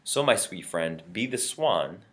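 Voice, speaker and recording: A man with a lowish voice giving a brief motivational talk to camera. He tells a fable in a friendly, upbeat way, addressing the listener warmly as a friend. His delivery is lively and encouraging. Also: unhurried. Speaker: motivational speaker.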